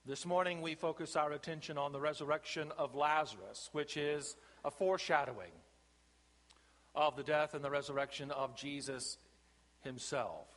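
A man's voice: on the high side, fairly bright tone. Emphatic preaching man in a reverberant church. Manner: slow, emphatic preaching with deliberate pauses. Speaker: pastor. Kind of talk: sermon. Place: church sanctuary. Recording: long reverb of a church sanctuary.

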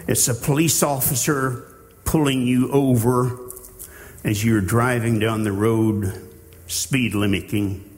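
A man preaching a sermon in a slow, earnest way, with halting restarts. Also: mid-range voice, a little mellow. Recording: long hall reverb.

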